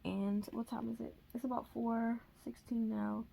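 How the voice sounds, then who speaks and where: A woman's voice: fairly high pitch, steady tone, normal speed, vocal fry, warm tone, breathy edge. A woman chatting casually to her camera at home for a reading vlog, rambling with many fillers. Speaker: reading vlogger.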